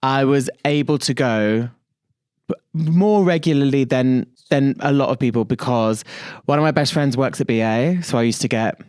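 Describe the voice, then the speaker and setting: A man's voice: medium pitch, normal speed, darkish tone, clean tone. A man co-hosting a podcast in casual chat, telling stories animatedly, swearing freely and acting out quotes. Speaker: podcast co-host.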